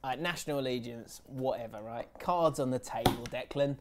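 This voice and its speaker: A man's voice: medium pitch, moderate pace, heavy background noise. A man hosting a casual podcast, chatty and teasing, often mimicking his friends mid-story. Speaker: podcast host. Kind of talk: casual banter.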